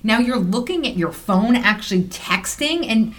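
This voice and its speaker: A woman's voice: on the high side, lively intonation, normal speed. A woman co-hosting a talk show, chatting casually with blunt, profane emphasis. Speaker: podcast co-host. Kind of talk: casual chat.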